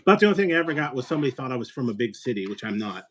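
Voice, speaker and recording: A man from Illinois chats at a rapid clip, rambling from one thought to the next and tossing in jokes. His voice sits at a middle pitch. A faint hiss runs under the recording. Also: expressive. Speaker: host. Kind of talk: casual chat.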